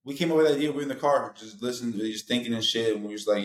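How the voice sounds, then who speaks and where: A man's voice: medium pitch, very fast, reverberant, a little hiss or hum, low-quality recording. A man chatting casually as a podcast guest, laid-back and slangy, laughing often. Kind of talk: casual chat.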